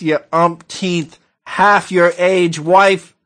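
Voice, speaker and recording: A man hosting a comedy talk-radio show, ranting blusterily and building to shouted outbursts. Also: fairly high pitch, steady tone, takes it slowly.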